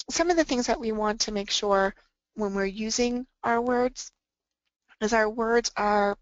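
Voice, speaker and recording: Woman presenter, somewhat high voice, calm and earnest workshop delivery; dry, dull-sounding recording. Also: no room sound. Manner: calm, earnest, acts out example phrases to students. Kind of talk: workshop talk.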